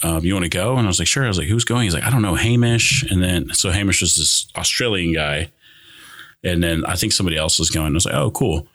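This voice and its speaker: Man, young adult, very deep voice, bright edge, casual rambling storytelling, lots of fillers. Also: fast. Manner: rambling, many "like" fillers and restarts. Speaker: guest.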